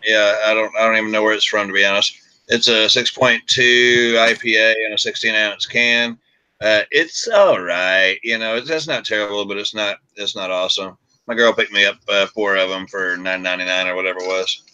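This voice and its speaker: A man chatting casually about beer and family on a video call, laid-back and quick to laugh. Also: fairly low pitch, steady tone, sharp tone, clear, resonant tone, low-quality recording. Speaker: beer review show host. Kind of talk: casual chat.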